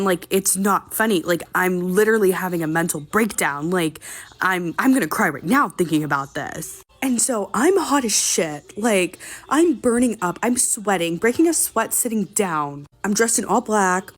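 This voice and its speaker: A woman telling a personal story in a casual, exasperated and profane way, with dramatic comic complaining. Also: mid-range voice. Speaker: storytime vlogger.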